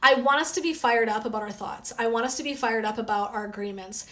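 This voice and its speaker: A woman coach talks to her viewers on a phone live stream, in a slightly high, lively voice. She is chatty and energetic, full of little fillers. Her throat is sore from talking. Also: quick pace. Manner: chatty and energetic, frequent "um" and "right?". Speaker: wellness coach. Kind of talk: casual live stream chat.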